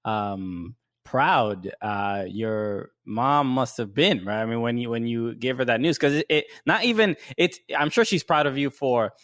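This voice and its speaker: A man co-hosts a casual podcast, speaking at a medium pitch in halting, restarting phrases. His voice sounds dry and close, with no room sound around it. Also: a bit bright, no room sound. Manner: halting, restarts often, supportive. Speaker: podcast co-host. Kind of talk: casual chat.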